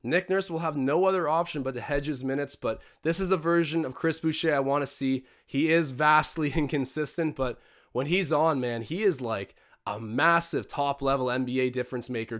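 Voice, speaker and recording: A young man streaming live commentary on a basketball game from home, his voice sitting a touch higher than most men's. He gets excitable, jumping up in pitch and loudness when a big play happens, then settles back into casual chat. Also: moderate pace. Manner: excitable, jumps up in pitch and volume on big plays. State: out of breath. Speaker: livestream host doing game commentary. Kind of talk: live sports watch-along commentary.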